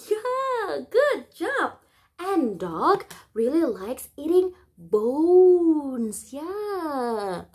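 A young woman teaches a pretend kindergarten class in a very high voice that swoops widely up and down. She talks slowly and deliberately, exaggerated and sing-song, and imitates animal sounds for the little ones. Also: very animated, a little mellow. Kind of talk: microteaching lesson for young children.

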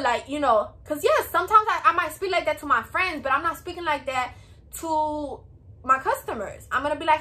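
A woman's voice: high-pitched, fairly quick, bright, forceful tone. A woman in her twenties with a Hispanic American accent, giving work advice in a chatty, peppy, repetitive vlog style. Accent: Hispanic American English.

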